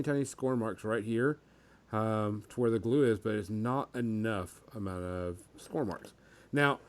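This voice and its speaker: Male podcast host, casual chat, lively pitch, halting delivery with fillers.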